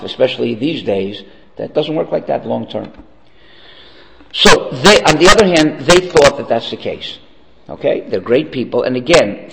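A man's voice: medium pitch, gravelly, a bit bright, long reverb tail, low-quality recording. A man giving a Torah lesson in a conversational way, asking rhetorical questions and telling a joke along the way. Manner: conversational, asks rhetorical "okay?". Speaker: Torah teacher. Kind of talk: lecture with story and jokes.

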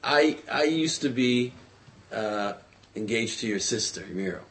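A man's voice: mid-range voice, animated, a little slow, fairly bright tone. A man voicing a wealthy man in a folk tale who earnestly pleads for forgiveness and offers money freely. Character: wealthy man seeking forgiveness, eager and generous.

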